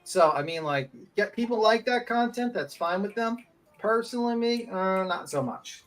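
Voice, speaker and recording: Casual panel chat, blunt, profane, opinionated, laughs a lot, mid-pitched voice. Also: lively intonation, moderate pace, fairly bright tone.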